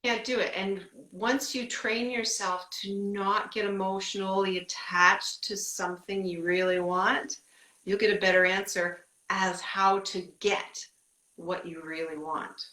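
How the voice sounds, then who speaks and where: A middle-aged woman talks in a casual, emphatic way about her work as an intuitive reader. Her voice is bright and forceful. The room around her is echoey. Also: mid-range voice, steady tone, a little slow. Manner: chatty, emphatic, quotes her own inner questions. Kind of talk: casual podcast chat.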